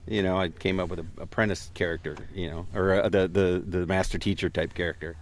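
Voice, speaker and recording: A man's voice: sits low, steady tone, fast, hardly any pauses. A man co-hosting a podcast in casual chat, rambling and self-deprecating, prone to going off on tangents. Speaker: podcast co-host.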